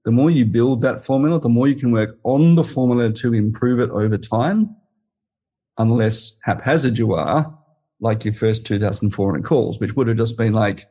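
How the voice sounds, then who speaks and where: Podcast host guy, husky voice, laid back, lots of "right?" and "you know". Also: medium pitch, normal speed, dark tone. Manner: laughs often, says "right?" and "you know" a lot. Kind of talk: casual interview.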